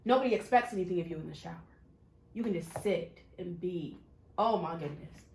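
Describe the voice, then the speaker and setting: A woman co-hosting a podcast, talking in an earnest, expressive way and laughing easily. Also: fairly low pitch, fairly quick, creaky, echoey room, slight background noise, poor audio. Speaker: podcast co-host. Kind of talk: casual chat.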